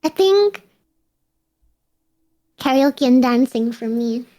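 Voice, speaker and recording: A woman's voice: high-pitched, animated, slow, dark tone. A young American woman chatting as a guest, giggly and playful. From United States. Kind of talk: casual chat.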